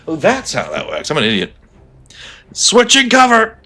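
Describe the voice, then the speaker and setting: A man's voice: on the low side, wildly swooping pitch, fast, fairly bright tone, husky. A man streaming a game live, chatting casually with sarcastic jokes and frequent laughs. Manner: joking, laughs often, sarcastic asides.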